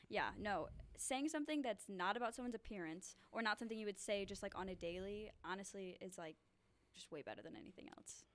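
A woman's voice: mid-range voice, brisk. A young woman guest on a podcast, chatting casually and playfully, going along with the jokes. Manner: playful, goes along with the joke, lots of "like". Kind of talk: casual chat.

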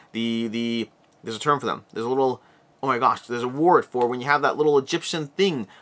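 A man's voice: mid-range voice, bright, forceful tone. A man hosting a board game roundup in a casual, rambling way, often restarting and correcting himself. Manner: rambling, self-correcting, chatty with asides. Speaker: board game channel host.

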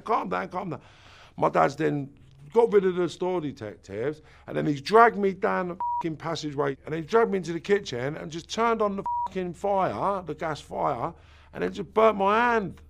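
A man's voice: high-pitched, animated, moderate pace, vocal fry. A man around fifty, bluntly recounting his own past, swearing and acting out what people said. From England. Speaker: interviewee. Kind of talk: personal storytelling.

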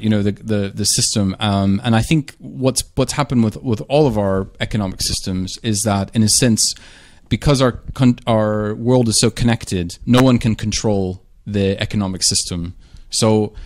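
American man, low voice, dry close sound, thoughtful, radio host. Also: steady tone, moderate pace, few pauses, dry recording. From southern United States. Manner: thoughtful, hesitant with restarts. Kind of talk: casual radio conversation.

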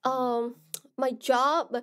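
A young woman with a Korean accent, a streamer chatting casually with her viewers, soft-spoken and halting, full of fillers and restarts. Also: high-pitched, fairly even intonation.

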